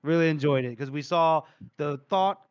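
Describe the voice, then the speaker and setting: A man's voice: a little high, moderate pace, clear, resonant tone. A man co-hosting a podcast, retelling a book chapter in casual, rambling chat full of fillers. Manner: rambling, filler-heavy storytelling. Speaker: podcast co-host.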